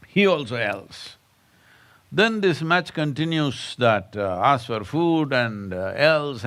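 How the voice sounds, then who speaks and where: A man's voice: medium pitch, a bit bright. A man giving a satsang talk as a spiritual teacher, telling stories and prodding his listeners with rhetorical questions. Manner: storytelling with jokes.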